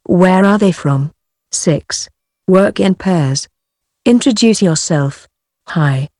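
A woman reading English coursebook audio aloud, word by word, with careful, measured enunciation. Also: on the low side, lively intonation, warm tone, dry recording, studio quality. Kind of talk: slow scripted textbook reading.

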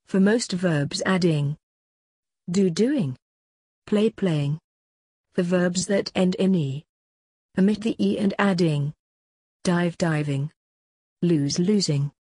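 A woman slowly reading grammar drills for a course book in a measured, clearly enunciated way. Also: on the low side, mellow, no room sound. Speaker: course audio narrator. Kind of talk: scripted textbook audio reading.

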